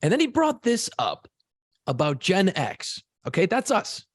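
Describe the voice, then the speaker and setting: A man co-hosting a podcast, a former radio DJ telling stories in a casual, profane, animated way. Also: high voice, a little slow, dry recording. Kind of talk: casual chat.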